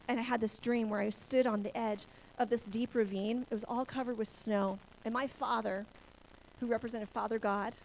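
A woman's voice: a little high, slight background noise, low-quality recording. A middle-aged woman from a church-planting family sharing a personal testimony, telling it with emotion and laughing through the hard parts.

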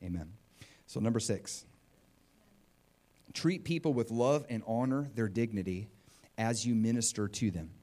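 A man preaching a sermon in an animated, conversational way, often acting out what people say. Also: fairly low pitch, measured pace, long pauses. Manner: animated and conversational, acts out quotes.

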